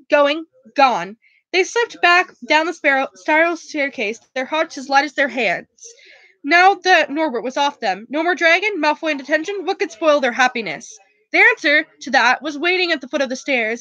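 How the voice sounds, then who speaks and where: Woman reading a book out loud, trips over words a lot, high voice, dry dull lo-fi sound. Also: no echo. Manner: stumbling, self-correcting reading. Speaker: book club reader. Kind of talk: casual read-aloud of a novel.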